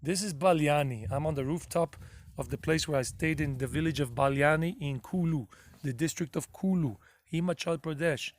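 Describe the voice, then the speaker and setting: A man's voice: fairly high pitch, moderate pace, a little hiss or hum. Gushing, rambling male travel vlogger. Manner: gushing, rambling, repeats himself. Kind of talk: casual travel vlog narration.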